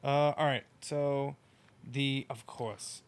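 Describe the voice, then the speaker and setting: A man co-hosting a podcast who talks in a relaxed way and stumbles over names. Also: medium pitch, slow pace, clear, resonant tone. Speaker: podcast co-host. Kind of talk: casual chat.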